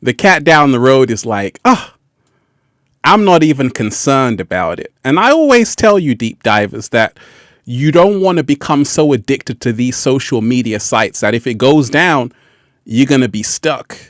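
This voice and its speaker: A man's voice: medium pitch, animated, normal speed, dry recording, studio quality. A man hosting a casual livestream who laughs often and repeats his phrases. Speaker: livestream host.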